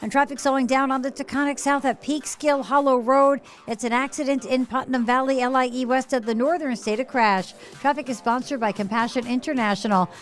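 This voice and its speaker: High-voiced woman reading radio traffic. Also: steady tone. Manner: crisp, rapid-fire read. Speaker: traffic reporter. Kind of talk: brisk radio traffic report.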